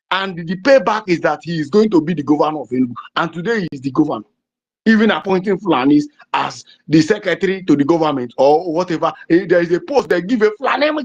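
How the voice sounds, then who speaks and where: Fervent Nigerian man with a lively pitch. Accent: Nigerian English. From southeastern Nigeria. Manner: fervent, emphatic, repetitive rhetoric. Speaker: political activist. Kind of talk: impassioned political address. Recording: dull lo-fi recording.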